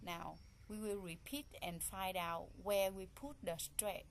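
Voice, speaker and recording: Woman English teacher, unhurried, repeats words aloud, faint room noise behind. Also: mid-range voice, fairly even intonation. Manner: repeats each word slowly, counting syllables aloud; simple, non-native phrasing. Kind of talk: classroom pronunciation lesson.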